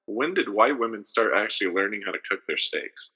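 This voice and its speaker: A man's voice: on the low side, lively intonation, fairly quick, sharp tone, slightly rough. A young man co-hosting a podcast, telling rambling stories full of fillers in casual comedic banter. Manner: rambling storyteller, frequent fillers. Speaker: podcast co-host.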